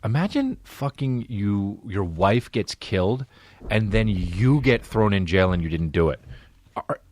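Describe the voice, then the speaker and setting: Animated, swearing podcast host, man. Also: deep voice, no room sound, studio quality. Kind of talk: casual comic rant. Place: podcast studio.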